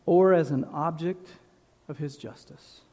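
Slow, emphatic preacher in a big hall. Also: male voice, a little high, mellow. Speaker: pastor. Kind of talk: sermon. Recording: long reverb of a large hall.

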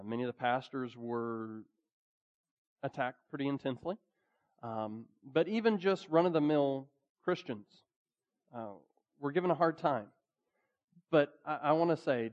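A man preaching a sermon in a conversational way, with frequent fillers and lively emphasis. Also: medium pitch, lo-fi sound. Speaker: pastor.

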